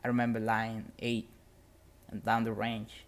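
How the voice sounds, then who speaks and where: A man's voice: lowish voice, completely flat delivery, measured pace. A man telling a motivational story on a podcast in earnest, plain-spoken English with non-native grammar.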